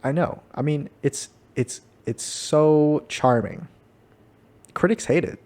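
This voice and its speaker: A man's voice: fairly high pitch, slow, darkish tone. A young man co-hosting a podcast, chatting casually and laughing often. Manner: laid-back, laughs a lot, playful. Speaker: podcast co-host. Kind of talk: casual chat.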